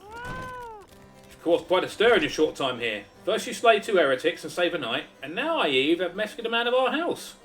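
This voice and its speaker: A man's voice: high-pitched, wildly swooping pitch, moderate pace, fairly bright tone, distant mic, faint music behind, voice pushed up, heavily acted. A man voicing a haughty middle-aged male lord in a fantasy game, condescending and bargaining.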